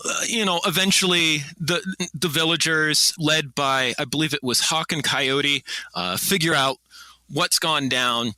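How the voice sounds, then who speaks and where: A man, a guest archaeologist, telling a story in a podcast interview, halting with many fillers and restarts. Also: on the high side, bright, forceful tone, no room sound.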